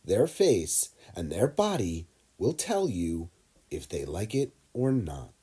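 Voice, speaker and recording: A man narrating a lesson for children, talking slowly and deliberately and addressing the kids directly. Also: on the low side, big pitch swings, warm tone, breathy edge. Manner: slow, deliberate, talks straight to kids. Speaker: teacher.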